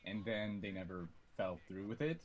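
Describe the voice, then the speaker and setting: A man's voice: fairly low pitch, expressive, moderate pace. A young man co-hosting a casual gaming talk show, hesitant and wordy when he explains things. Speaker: podcast co-host.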